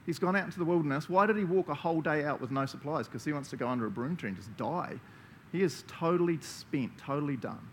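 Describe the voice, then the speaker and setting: A man's voice: fairly high pitch, fast, slight background noise. A man with a New Zealand accent preaching a conversational sermon, enthusiastic and chatty, laughing often as he talks. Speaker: pastor.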